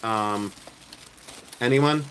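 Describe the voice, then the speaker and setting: A man's voice: lowish voice, extremely slow, a bit bright, a little hiss or hum. A middle-aged American man hosting a casual live stream, chatting and joking with viewers in a self-deprecating way. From United States. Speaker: livestream host, jewelry reseller. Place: outdoors at night.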